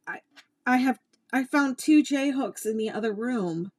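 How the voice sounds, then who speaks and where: A woman teaching crochet in a casual tutorial, chatting with exasperated asides and quietly counting her stitches. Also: sits high, lively intonation, unhurried, dry recording.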